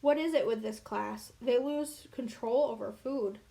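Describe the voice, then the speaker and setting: A woman's voice: a little high, a little slow, vocal fry, warm tone. A woman reading as a blunt, confident schoolgirl. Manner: direct, matter-of-fact.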